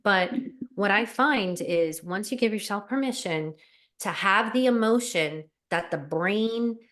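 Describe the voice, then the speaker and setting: A woman life coach talking earnestly as an interview guest, animated and full of fillers. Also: mid-range voice, measured pace. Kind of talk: casual interview chat.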